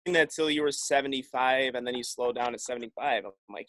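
A podcast guest with a mid-range male voice chats casually, rambling and often restarting his sentences with lots of "like"s. His intonation is fairly even, his pace fairly quick, and his tone a bit bright, with no echo.

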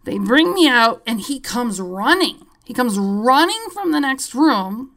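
A woman podcast host telling a story in a casual, animated and profane way, with wry asides. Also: a little high, measured pace.

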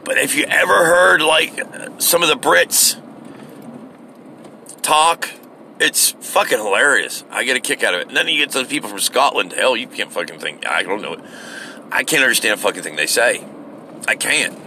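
An American man who rambles casually and loosely, with many fillers and frequent swearing. His voice is very bright and sharp. A faint hum of ambient noise sits under his talk. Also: mid-range voice, lively intonation, normal speed. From United States.

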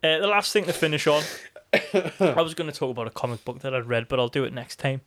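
A man co-hosting a podcast in casual chat, animated, swearing freely and laughing often. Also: mid-range voice, fast. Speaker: podcast co-host.

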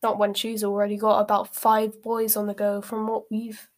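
A woman's voice: mid-range voice, monotone, moderate pace, few pauses. A woman reading a novel aloud as an amateur, apologising for her slips. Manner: apologetic, self-deprecating slips. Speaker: amateur reader.

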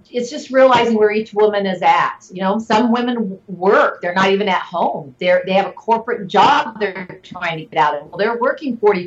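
A middle-aged woman, a leader in network marketing, gives advice as a guest in a casual interview, speaking earnestly and leaning on plenty of fillers. Her voice is medium-pitched, and the recording has its high frequencies cut off.

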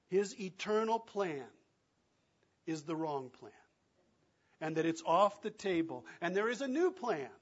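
A man preaching a sermon, acting out quoted lines and swinging between loud and soft. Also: sits high, lo-fi sound. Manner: dramatic, acts out quoted lines with big swings in loudness. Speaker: pastor.

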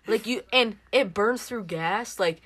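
A woman's voice: medium pitch, unhurried, fairly bright tone. A teenage girl co-hosting a casual podcast, blunt and teasing. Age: teens. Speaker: podcast co-host. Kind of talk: casual chat.

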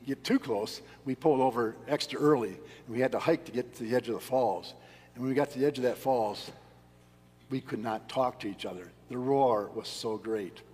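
Husky-voiced pastor preaching in a reverberant church. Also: male voice, medium pitch. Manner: earnest, emphatic preaching with rising stresses. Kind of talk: sermon. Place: church sanctuary.

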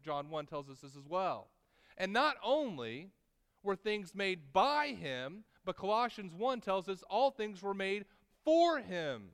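A man preaching a sermon, swinging between loud, emphatic lines and quiet, drawn-out asides. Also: high-pitched, big pitch swings, clear, resonant tone, in a large hall. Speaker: pastor.

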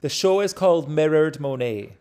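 A Scottish podcast co-host and stage actor, chatting casually, enthusiastic and quick to tease. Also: medium pitch, expressive, darkish tone. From Scotland. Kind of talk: casual chat.

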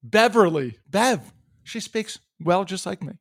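Animated, profane man telling a story. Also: sits high, unhurried, no echo, clean studio sound. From United States. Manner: animated, profane, acts out phone calls. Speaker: podcast co-host. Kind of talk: casual storytelling rant.

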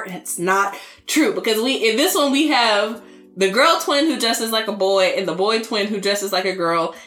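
Animated woman gushing about anime. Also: on the high side. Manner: animated, acts out scenes. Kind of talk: casual chat about anime. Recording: roomy echo, faint music.

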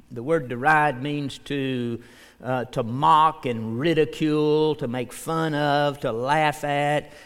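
Man, pastor, sermon, very slow delivery, long echo of a big room. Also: on the high side. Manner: slow, earnest preaching, reading scripture aloud. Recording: long hall reverb.

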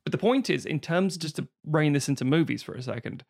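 Animated man, slightly higher voice. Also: fairly quick, vocal fry. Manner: animated, acts out quoted voices, swears casually. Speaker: podcast co-host. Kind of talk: casual chat.

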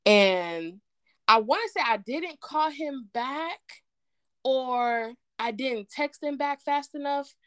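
Brief: woman co-host, lively storyteller, high-ish voice, dry close sound. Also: takes it slowly, no echo. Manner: animated storyteller, quotes others in dialogue. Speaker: podcast co-host. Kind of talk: casual chat, storytelling.

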